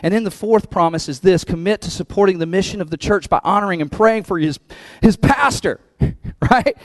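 A man's voice: high-pitched, normal speed, no echo. A man preaching as pastor of his church, talking conversationally and laughing between points, building to emphatic peaks. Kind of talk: sermon.

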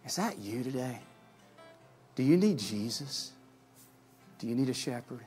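A pastor giving a sermon, earnest, rising to loud calls and dropping to soft pleading at the altar call. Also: male voice, mid-range voice, lively intonation, measured pace, soft background music.

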